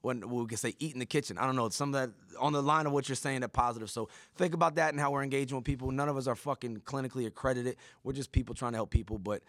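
A man's voice: medium pitch, rapid-fire, few pauses, fairly bright tone, no room sound, studio quality. A man hosting a podcast, talking bluntly and profanely in a preachy pep-talk manner. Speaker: podcast host. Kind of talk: casual podcast chat.

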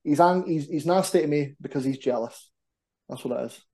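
Mellow-voiced man chatting animatedly. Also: fairly high pitch, fairly quick. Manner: animated, self-deprecating, rambling. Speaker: podcast guest, wrestler. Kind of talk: casual chat.

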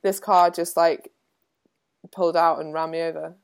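Casting note: young woman co-host, chatty storyteller, slightly low voice, uses lots of filler "like". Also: normal speed, creaky, clear, resonant tone. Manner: chatty, lots of "like", animated retelling. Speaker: podcast co-host. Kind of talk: casual chat, storytelling.

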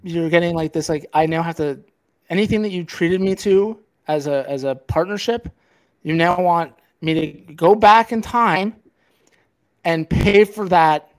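A man's voice: fairly high pitch, a little slow. A man co-hosting a podcast, ranting in a heated, swear-filled casual talk on a filmed set. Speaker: podcast co-host.

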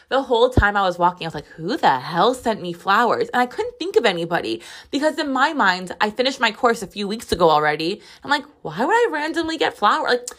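A woman's voice: medium pitch, fairly bright tone. A woman in her twenties hosting a podcast, telling a story in casual, chatty talk full of "like" and swearing. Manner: chatty, profane storytelling with lots of "like". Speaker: podcast host. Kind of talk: casual solo podcast monologue.

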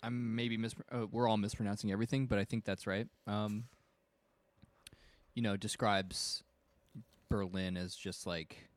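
Man, low voice, laid-back, hunts for words, video call chat. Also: level tone, unhurried, long pauses, no echo. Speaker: book club member. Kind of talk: casual video-call discussion.

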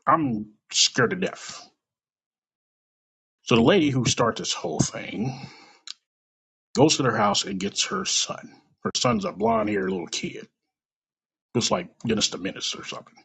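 A man tells a story from his own life with a rough, gravelly and husky voice. His pitch rises and falls in lively swings. He speaks bluntly, swears freely and puts raw emotion into the telling. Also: measured pace, long pauses. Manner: blunt, profane, emotional retelling. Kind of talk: personal story told aloud.

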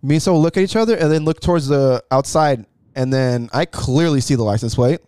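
A man's voice: medium pitch, a little fast, smooth, no room sound, clean studio sound. A young man telling a story in casual chat, acting out the people in it with lots of swearing. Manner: animated, acts out quotes with swearing.

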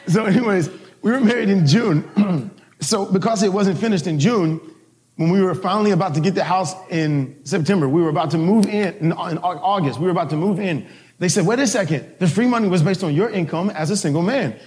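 A man's voice: high voice, fairly quick, a little mellow. A male pastor telling a personal story in a sermon, casual and laughing, with many restarts. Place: church service.

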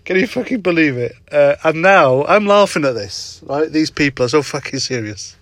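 A man's voice: a little high, expressive, normal speed, a bit bright, no echo. A middle-aged man hosting a casual solo podcast from his parked car at night, telling a story with frequent laughs and swearing. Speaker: podcast host.

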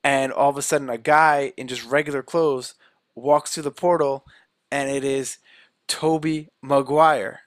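Casual male storyteller recapping a movie, mid-pitched voice, dry close sound. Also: measured pace, no room sound. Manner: animated storytelling, many "like"s.

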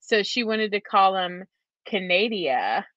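A woman's voice: fairly low pitch, very animated, moderate pace, fairly bright tone, no echo, highs cut off. A woman co-hosting a casual faith podcast, teasing her partner playfully and laughing often. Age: adult with a young daughter. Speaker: podcast co-host.

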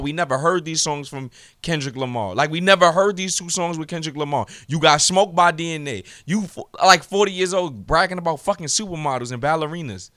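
A man's voice: on the high side, fairly quick, pushed and bright, no room sound, clean studio sound. Heated, profane young man podcasting solo. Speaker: podcast host.

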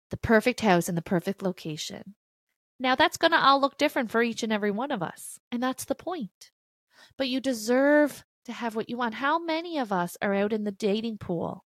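A woman's voice: medium pitch, no room sound, clean studio sound. A woman hosting a podcast and giving an earnest, emphatic motivational spiritual talk. She repeats key phrases and swears bluntly in a casual way. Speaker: podcast host.

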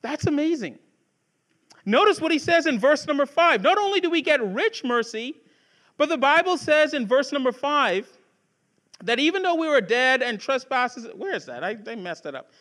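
A man's voice: very high voice, big pitch swings, normal speed, a bit bright. A man preaching a sermon as pastor, conversational with asides to the congregation, building to fervent rhetorical questions.

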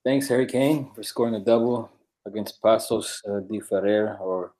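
A man co-hosting a sports podcast in casual chat, laid-back and quick to laugh, with many filler words. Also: lowish voice, warm tone. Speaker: podcast co-host.

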